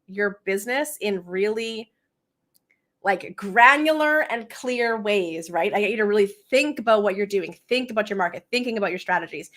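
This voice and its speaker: A chatty woman coach, in her thirties and from Canada, talks straight to her live viewers. Her voice sits at an ordinary middle pitch, and she keeps an upbeat, casual tone with frequent laughs. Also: a bit bright. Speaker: marketing and sales coach hosting a live session. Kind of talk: casual livestream talk.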